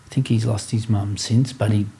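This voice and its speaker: A male podcast host with a lowish, very dark and mellow voice. He talks reflectively and recounts his stories in an even, steady way. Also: moderate pace, creaky, breathy edge. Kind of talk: casual interview chat.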